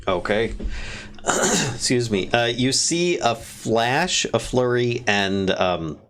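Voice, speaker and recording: A man narrating as the dungeon master of a tabletop game, chuckling often and pausing to restart his sentences. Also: mid-range voice. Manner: laughs often, relaxed and unhurried with restarts.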